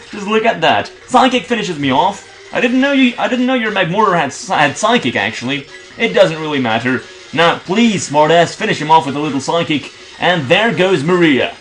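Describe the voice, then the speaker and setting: A man's voice: on the high side, fairly bright tone. A young man from Belgium giving casual, swearing commentary as he plays a video game. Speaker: video game let's play host. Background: faint game music.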